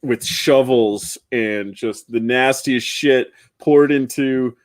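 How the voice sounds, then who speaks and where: A man's voice: mid-range voice, slow, dry recording. A man in his forties co-hosting a casual podcast, telling rambling stories and dropping into goofy voices. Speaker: podcast co-host. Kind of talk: casual chat.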